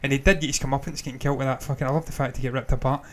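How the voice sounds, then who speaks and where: Fast, swearing man. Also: medium pitch, steady tone. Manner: swears freely, laughs often, rambling. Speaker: podcast co-host. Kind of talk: casual film review chat.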